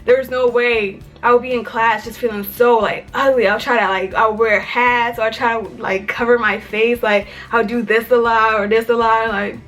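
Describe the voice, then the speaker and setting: A woman's voice: a little high, level tone, normal speed, hardly any pauses. A young woman from Maryland telling a personal story in a casual vlog, chatty and full of "like". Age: young adult. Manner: chatty, filler-heavy with frequent "like". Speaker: vlogger. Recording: faint music under the voice. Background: soft background music.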